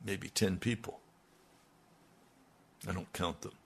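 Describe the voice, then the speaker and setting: Older male radio pastor, low-pitched and gravelly, slow earnest delivery. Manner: slow, earnest, dropping to near-murmurs. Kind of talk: radio sermon.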